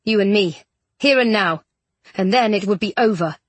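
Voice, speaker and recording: A woman voicing a proud defiant young gentleman. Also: mid-range voice, moderate pace, husky, no room sound, lightly acted. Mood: subdued.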